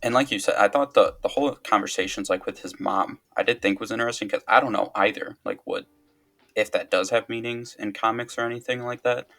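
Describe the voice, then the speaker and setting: A man with a low, gravelly voice speaks as a podcast co-host. He works his thoughts out aloud, hesitant and full of fillers. Faint music plays underneath. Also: a little fast, fairly bright tone. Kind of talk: casual chat.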